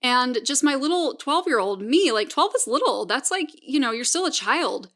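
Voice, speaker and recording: A woman's voice: high voice, expressive, normal speed, a bit bright. A woman in her thirties hosting a podcast, telling a personal story in a casual, chatty way with many fillers and wry asides. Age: 30s. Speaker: podcast host.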